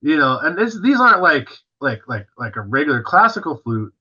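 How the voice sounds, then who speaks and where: A man's voice: fairly high pitch, sing-song, brisk, sharp tone, breathy edge, lo-fi sound. A male drummer, a guest on an interview, tells a story casually and animatedly, full of fillers and acting out what others said.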